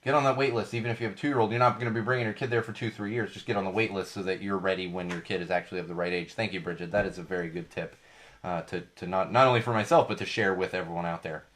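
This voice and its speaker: A man's voice: deep voice, steady tone, very fast, a bit bright. A young man hosting a podcast, talking casually about parenting with emphatic repetition and frequent fillers. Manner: emphatic, repeats points, many fillers and restarts. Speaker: podcast host.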